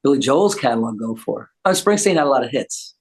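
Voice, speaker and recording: A man's voice: medium pitch, expressive, a little fast, slightly rough. A joking older man from the United States, talking casually as a guest. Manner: joking, wisecracking. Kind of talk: casual chat.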